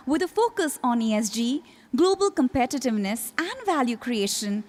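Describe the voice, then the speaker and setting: A woman hosting a formal listing ceremony as emcee, welcoming dignitaries in a polished, announcing manner. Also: fairly high pitch. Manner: polished, announcing names with rising emphasis. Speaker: event emcee.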